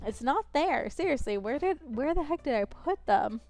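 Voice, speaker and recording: A woman's voice: high-pitched, expressive, moderate pace, a little mellow. Young woman, gaming stream chat, rambling, self-mocking, faint game music behind. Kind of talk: casual chat while playing.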